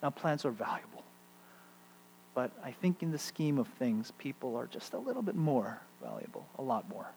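A middle-aged man preaching a sermon, shifting between loud emphatic peaks and hushed, quiet stretches. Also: mid-range voice, big pitch swings, moderate pace, creaky. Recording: long hall reverb, faint mains hum.

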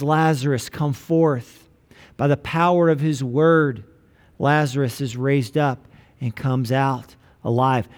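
Man preaching a sermon, higher voice. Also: a little mellow. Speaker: pastor.

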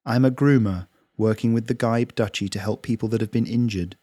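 A man voicing a gentle female cat groomer who keeps her voice low, even and almost purring. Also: brisk, breathy edge, no room sound, natural voice. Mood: soothing.

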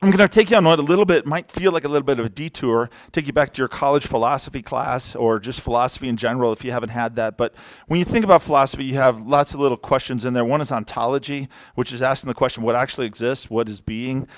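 A man's voice: mid-range voice, quick pace, few pauses, no room sound. Casual joking man preaching a sermon. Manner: casual, conversational, jokey asides. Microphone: handheld or worn mic.

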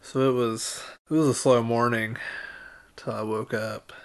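A man co-hosting a casual history podcast, chatting easily and then reading history segments in an even, informative way. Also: mid-range voice, a little slow, gravelly, clear, resonant tone. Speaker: podcast co-host.

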